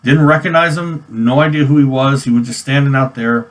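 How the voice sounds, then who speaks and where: An army veteran vlogger from New York, in his forties, recounts a personal army memory in a mid-range voice, talking a little fast. His storytelling is casual and wandering, packed with fillers and restarts.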